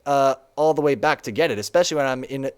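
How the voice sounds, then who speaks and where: A man's voice: mid-range voice, quick pace, clean tone, close to an everyday voice. A man voicing a laid-back, chatty male bird who smokes a cigar and calls everyone mate, reading game dialogue aloud. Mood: rambling.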